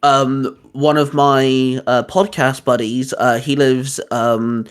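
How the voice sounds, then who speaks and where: A man's voice: medium pitch, slow pace, clear, resonant tone. A man hosting a podcast, telling stories animatedly and acting out quoted lines. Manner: animated storyteller, acts out quotes. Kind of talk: casual chat. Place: lives in the UK.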